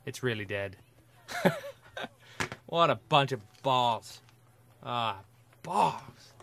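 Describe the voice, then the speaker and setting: Lively grumbling male gamer. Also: mid-range voice, drawn-out words, creaky. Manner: grumbling, sarcastic, talks to the audience. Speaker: let's play gamer. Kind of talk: gameplay commentary.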